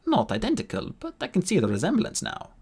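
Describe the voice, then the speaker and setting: A man's voice: high voice, wildly swooping pitch, quick pace, mellow, husky, voice pushed up, full character voice. A man putting on a curt young Irish warrior woman. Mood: wary. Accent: Irish, put on.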